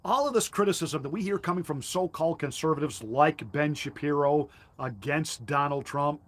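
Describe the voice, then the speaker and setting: A man's voice: on the high side, moderate pace. Combative, mocking male pastor. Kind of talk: political commentary monologue.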